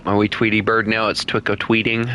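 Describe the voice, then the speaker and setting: A man's voice: on the low side, completely flat delivery, a little fast, sharp tone, a little hiss or hum. A man streaming a game, chatting casually with his viewers, teasing them and laughing often. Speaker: gaming streamer. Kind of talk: casual live-stream chat while playing.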